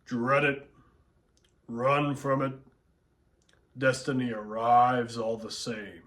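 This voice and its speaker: A man voicing a tyrannical male alien warlord who speaks deep, slow and grandiose. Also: flat delivery, a bit bright, recorded from a distance. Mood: ominous.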